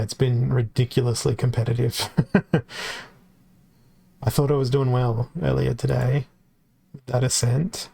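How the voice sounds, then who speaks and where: A male streamer with a gravelly, fry-edged voice of middling pitch, talking through his card game live. He is wry and self-deprecating, thinking out loud as he picks his moves. His voice sounds worn, as if he is losing it. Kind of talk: casual live-stream commentary.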